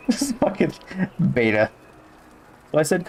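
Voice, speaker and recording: A man's voice: a little high, sing-song, a little fast, long pauses. A man giving casual gameplay commentary who reads game text aloud and swears offhandedly. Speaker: gamer.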